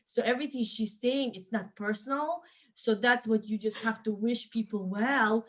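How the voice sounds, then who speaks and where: Calm woman host giving supportive advice, kinda high voice. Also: normal speed. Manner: calm, reassuring, advising. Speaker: program host.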